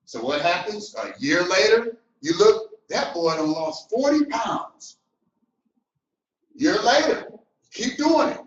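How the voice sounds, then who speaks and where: A middle-aged man giving a motivational business talk, animated and preacher-like, swinging between loud and soft. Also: high-pitched, slow pace, slight background noise. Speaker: business coach. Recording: roomy, distant, dull sound.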